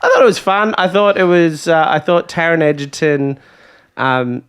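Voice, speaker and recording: A man's voice: on the high side, lively intonation, moderate pace, fairly bright tone, smooth. A man co-hosting a casual podcast chat, chatty and laughing easily, often restarting his sentences. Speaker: podcast co-host.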